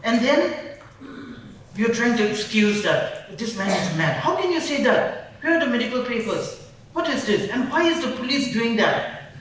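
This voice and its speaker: A woman's voice: on the high side, very animated, moderate pace, slight background noise. A woman from Nagaland, a human rights defender speaking emphatically and indignantly at a public panel, often repeating phrases. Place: large event hall. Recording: very echoey hall, mic far off.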